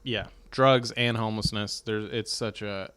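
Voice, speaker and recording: A man co-hosting a comedy podcast, quick with jokes in casual chat. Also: lowish voice, fairly even intonation, fairly bright tone, smooth. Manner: quick joking banter.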